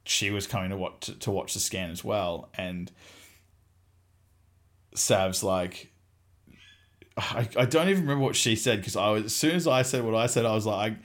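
A man's voice: on the low side, normal speed, long pauses. Swearing, laughing man telling a story. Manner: animated, swears freely, laughs through his story. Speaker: podcast host. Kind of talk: casual storytelling.

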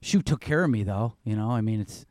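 A man's voice: fairly low pitch, animated, a little fast, a little mellow, dry recording, studio quality. A man telling loose, rambling stories in casual chat, swearing now and then.

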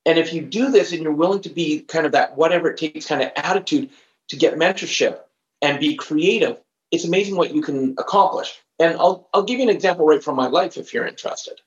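A man in his fifties, a trainer guesting on a podcast, tells a story with animated emphasis and acts out the dialogue in his own voice. His voice sits a little high for a man. The recording sounds roomy and a bit dull. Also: fairly quick.

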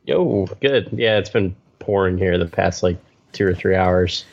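A man's voice: deep voice, unhurried, gravelly, darkish tone. A man co-hosting a casual podcast in a laid-back way, mostly giving short replies with an occasional longer thought. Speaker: podcast co-host. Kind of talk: casual chat. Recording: dull remote audio.

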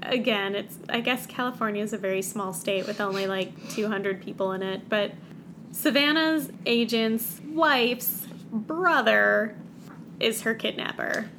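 A woman's voice: mid-range voice, measured pace, fairly bright tone, a little hiss or hum. A woman co-hosting a casual book chat podcast, giving wry, exasperated commentary. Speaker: podcast co-host.

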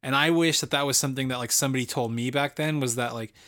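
A man in his late twenties co-hosts a podcast, rambling enthusiastically about a movie in a casual film review chat packed with fillers. He talks fast, his medium-pitched voice pushed and bright, with fairly even intonation.

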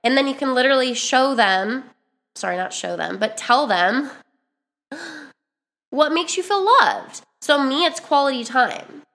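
A young woman talking casually into the camera, giving chatty, animated dating advice with lots of fillers. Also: sits high, a little slow.

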